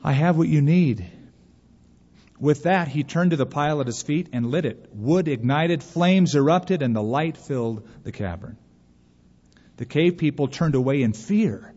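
A man's voice: a little high, lively intonation, normal speed, a little mellow. A man preaching a sermon and reading a story aloud, earnest and emphatic, pleading at times. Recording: dull recording with long hall reverb.

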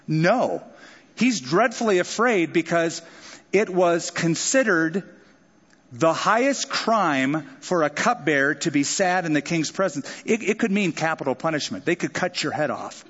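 A man preaching a sermon, explaining a scripture passage with quick asides and acted-out quotes. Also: on the high side, expressive, a bit bright. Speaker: pastor. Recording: dull sound with long hall reverb.

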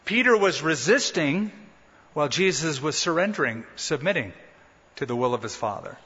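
A man preaching a sermon as a pastor, animated, acting out quoted voices with a rising pitch. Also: moderate pace, breathy edge. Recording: muffled, echoing hall recording.

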